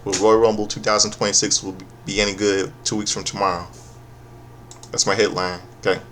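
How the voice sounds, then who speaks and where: Sarcastic man recapping wrestling, low voice. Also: little pitch movement, a bit bright, slight background noise. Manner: profane, sarcastic, halting with restarts. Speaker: wrestling show reviewer. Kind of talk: casual recap commentary.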